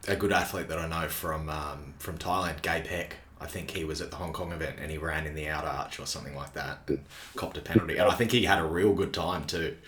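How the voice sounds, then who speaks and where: A man's voice: rumbling low, fairly even intonation, fairly quick, a bit bright. A man hosting a podcast interview, asking easygoing, rambling questions. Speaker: podcast host. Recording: roomy echo.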